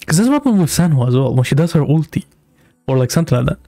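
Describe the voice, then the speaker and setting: A man's voice: on the high side, sing-song, very fast, dark tone, dry recording, clean studio sound, faint music behind. A man who hosts a game reaction video. He rambles casually and uses a lot of filler words.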